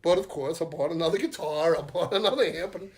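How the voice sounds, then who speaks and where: A middle-aged man with a Southern US accent, his voice sitting a little high for a man. He chats casually as a podcast guest, telling long wandering stories, swearing freely and laughing easily. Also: fast, darkish tone. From Louisiana, US. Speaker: metal band singer and guitarist, podcast guest. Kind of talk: casual chat.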